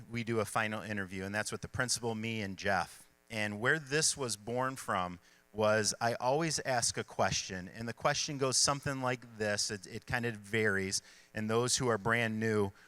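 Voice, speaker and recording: A middle-aged man, a school superintendent, speaking to staff at an event in a relaxed storytelling way with fillers. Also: lowish voice, clear, resonant tone, dry recording. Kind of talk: speech to staff at a kickoff event.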